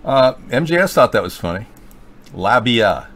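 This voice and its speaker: A man's voice: medium pitch, very animated, moderate pace, a bit bright. Sarcastic male livestream host. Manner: sarcastic, joking, rambling. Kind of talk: rambling political livestream chat.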